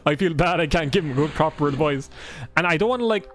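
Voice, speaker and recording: A man's voice: fairly high pitch, moderate pace, a bit bright. Chatty, sweary Irish man streaming. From Ireland. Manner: swears a lot, rambling, self-deprecating. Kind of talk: casual live gameplay chat.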